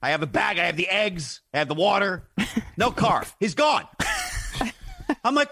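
A man co-hosting a podcast, telling a story in casual chat with excitable, loud exclamations. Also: high-pitched, moderate pace, pauses often. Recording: noisy recording.

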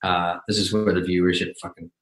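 A man's voice: low-pitched, level tone, fairly quick, fairly bright tone, echoey room, poor audio. A middle-aged man telling casual anecdotes as a podcast guest, dry and self-mocking, briefly mimicking others. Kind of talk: casual storytelling chat.

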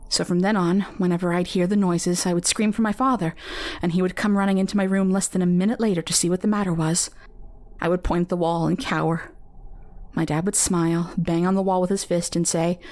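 A woman telling a first-person horror story in a measured, intimate storytelling manner. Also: lowish voice, darkish tone. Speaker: narrator. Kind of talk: scripted horror story narration.

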